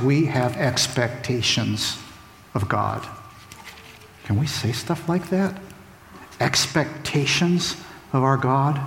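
A man's voice: medium pitch, a little hiss or hum. A man preaching a sermon, emphatic and repeating phrases for stress. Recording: echoey hall with faint ambience.

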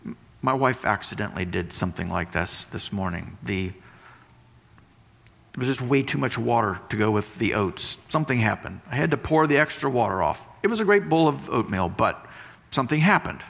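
A man's voice: medium pitch, lively intonation, normal speed, creaky, a bit bright. A married man preaching a sermon, teaching through everyday comparisons and repeating key phrases for emphasis. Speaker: pastor. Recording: long hall reverb.

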